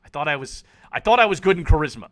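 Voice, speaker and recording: A man's voice: on the high side, fast talker. A man streaming a video game, reading its text aloud in put-on voices and reacting with laughs and swearing. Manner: animated, swears and laughs often.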